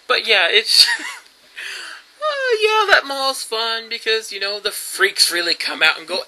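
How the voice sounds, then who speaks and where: A man's voice: very high voice, very animated, unhurried, bright, forceful tone, rough recording. A man, telling rambling stories in a casual vlog monologue, full of fillers and laughs. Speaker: YouTube vlogger.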